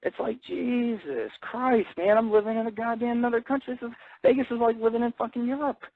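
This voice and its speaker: A man's voice: very high voice, fairly quick, dry recording. Blunt, foul-mouthed man on tinny radio. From grew up in an Italian-American family. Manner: blunt, rambling, swears constantly. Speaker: internet radio host. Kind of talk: profane casual monologue.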